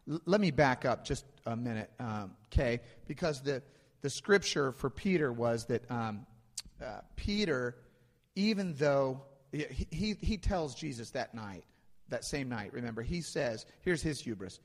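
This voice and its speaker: A man delivers a sermon in a relaxed, conversational manner, stacking repeated phrases to drive each point home. His voice sits at an ordinary pitch for a man, and it rings out with a long reverb tail, as in a church sanctuary. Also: unhurried. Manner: conversational, builds emphasis through repetition. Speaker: pastor.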